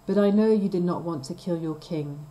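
A woman reading the lines of a brave young male king in a storybook reading, firm and measured. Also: lowish voice, mellow, lightly acted, rough recording.

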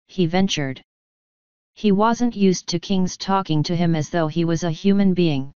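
A woman reading an audiobook in a measured, dry narration. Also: on the low side, a little mellow, clear, resonant tone, no echo, dull audio. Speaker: audiobook reader.

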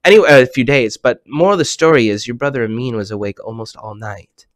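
A man hosting a children's program over a video call, talking animatedly and swinging between hushed and excited tones. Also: mid-range voice, fast talker, dry recording, studio quality.

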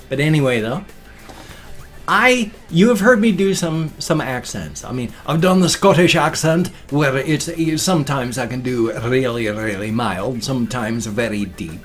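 A man in his fifties chatting casually in his vlog, rambling and easily sidetracked. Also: medium pitch. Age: 50s. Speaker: vlogger. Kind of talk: casual chat.

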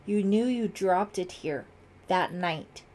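A woman's voice: medium pitch, takes it slowly, darkish tone, slight background noise, natural voice. A woman reading an audiobook, voicing an urgent, demanding teenage girl. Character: teenage girl with psychic visions. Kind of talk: audiobook character voice.

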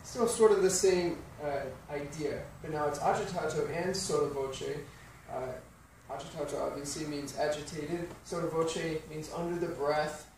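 A man teaching a piano lesson, explaining rhythm calmly and counting beats aloud. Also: on the high side, measured pace, slight background noise. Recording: very echoey room, slightly distant mic, piano playing.

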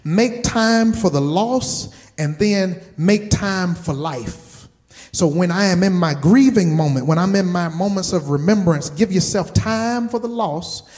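High-voiced man preaching with emphatic repetition. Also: a little mellow. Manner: emphatic, repeats words for stress; asks the congregation direct questions. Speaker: pastor. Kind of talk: sermon.

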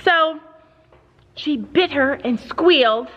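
A woman's voice: high-pitched, slow, fairly bright tone. A middle-aged woman hosting a family vlog from a horse barn, telling a story dramatically and cooing at her horses between sentences. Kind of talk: casual chatty vlog storytelling. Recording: echoey, slightly dull, faint ambience.

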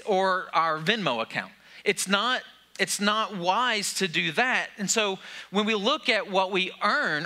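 Bright, lively-voiced male preacher. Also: sits high. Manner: conversational preaching with rhetorical questions. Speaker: pastor. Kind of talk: sermon.

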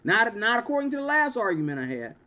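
Vlog host, male, high-pitched, confrontational and emphatic; muffled lo-fi recording. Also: sing-song, fast talker, sharp tone. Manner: emphatic, repetitive, stammering restarts; confrontational, ranting. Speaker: channel host. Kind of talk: monologue commentary vlog. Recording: dull lo-fi recording.

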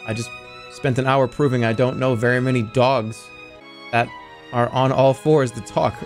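A man's voice: medium pitch, moderate pace. A man streaming casually, arguing playfully with his chat. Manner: argumentative, animated banter with chat. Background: faint music.

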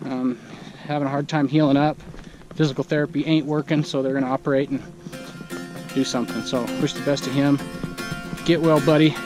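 A man's voice: mid-range voice, rough recording. A man hiking a long trail, talking to his vlog camera outdoors in a casual, enthusiastic, exclamatory way. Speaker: hiker vlogger.

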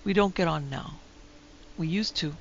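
A woman voicing a tired, unhappy husband in a storybook reading who speaks quietly and steadily. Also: fairly low pitch, moderate pace, vocal fry. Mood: weary. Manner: quiet, weary. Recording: dull lo-fi recording with faint hiss.

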